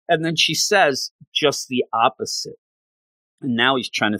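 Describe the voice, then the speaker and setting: Animated man gushing over a story. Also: medium pitch, normal speed, no echo. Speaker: manga reviewer. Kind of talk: casual story recap.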